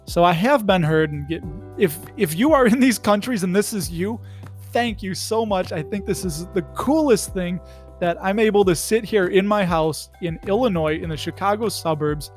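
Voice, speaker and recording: Goofy solo podcast host, man, high voice, rambling, faint music underneath. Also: normal speed. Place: his home in the Chicago suburbs.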